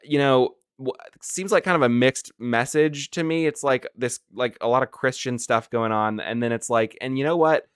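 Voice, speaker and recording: A man's voice: medium pitch, fairly even intonation, moderate pace, a bit bright, smooth, no echo, studio quality. A man hosting a casual film review, talking sarcastically and with exasperation, with many filler "like"s. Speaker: movie review host.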